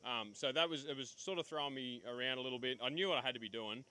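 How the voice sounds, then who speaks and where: A man's voice: medium pitch, fast, bright, forceful tone, clean tone. A man, a competing angler, answering interview questions casually and candidly. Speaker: tournament angler.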